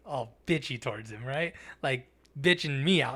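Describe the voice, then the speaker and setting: This podcast co-host has a medium-pitched voice and a brisk delivery. Swearing casually, he animatedly recounts a story and voices the other people's quotes himself.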